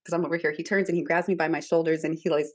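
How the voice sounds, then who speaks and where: A woman podcast co-host telling a personal story in a casual, animated way, laughing often and filling her talk with "like". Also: sits low, very fast.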